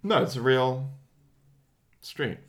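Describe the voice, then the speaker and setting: A man co-hosting a casual movie podcast from home, relaxed and chatty, often correcting himself mid-sentence. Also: mid-range voice, takes it slowly. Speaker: podcast co-host.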